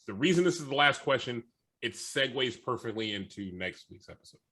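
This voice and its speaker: A man's voice: medium pitch, expressive, fairly quick, a bit bright. A man co-hosting a casual chat show, joking and laughing often. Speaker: podcast co-host.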